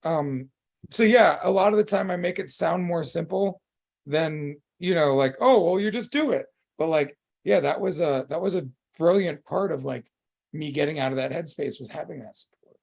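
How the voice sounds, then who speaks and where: A man co-hosting a podcast, talking openly and emotionally in casual chat, swearing freely and filling pauses with "um" and "like.". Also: fairly high pitch, creaky, a little mellow. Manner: open and emotional, swears freely, many fillers. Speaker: podcast co-host.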